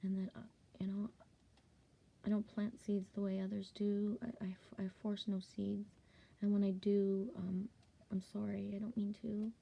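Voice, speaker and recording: Gravelly woman telling a story. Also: mid-range voice, little pitch movement, normal speed, mellow, muffled recording. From Ontario, Canada. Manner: heavy swearing, many "like" fillers, drops to whispers. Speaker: vlogger. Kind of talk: casual personal storytelling.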